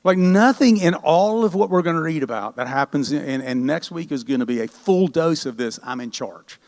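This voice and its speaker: A middle-aged pastor preaches a sermon in a chatty, lively storytelling way. His voice is gravelly and sits a little high for a man, and the long reverb of the church hall trails behind his words. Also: brisk. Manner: conversational, animated storytelling. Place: church sanctuary.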